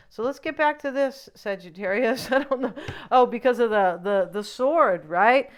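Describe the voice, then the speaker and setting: A woman's voice: on the high side, animated, moderate pace. A woman giving a casual tarot reading, rambling and opinionated, with frequent asides. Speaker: tarot reader.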